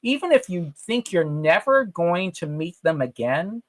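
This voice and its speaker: A man co-hosting a casual podcast, telling stories in an emphatic, animated way. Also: high-pitched, measured pace, dry recording. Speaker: podcast co-host, comic retailer. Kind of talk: casual chat.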